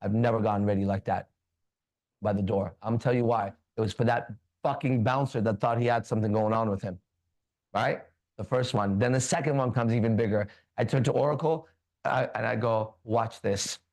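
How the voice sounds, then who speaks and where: A man hosting a casual talk show, animated, preachy and swearing freely. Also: fairly low pitch, normal speed. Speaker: podcast host. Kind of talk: casual chat.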